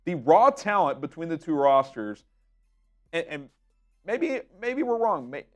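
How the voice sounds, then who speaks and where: Fired-up guy ranting about his team, voice going hoarse, pitch jumping all over. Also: big pitch swings, measured pace, faint music behind. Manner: frustrated, emphatic, repeats words when heated. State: losing his voice. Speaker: sports show host. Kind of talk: ranting sports commentary.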